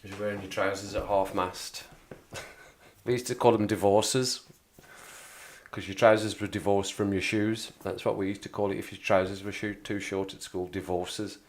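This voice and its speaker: West Midlands bloke hosting a chatty live stream, rambling, laughs a lot, lowish voice. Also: male voice, level tone, normal speed. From Wolverhampton area, England. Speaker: livestream host. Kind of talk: casual livestream chat.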